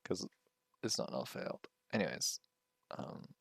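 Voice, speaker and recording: A man's voice: low voice, expressive, measured pace, creaky, a bit bright, husky, no echo, clean studio sound. A man streaming live while coding, muttering, swearing and laughing at his own frustration. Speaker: livestreaming game developer.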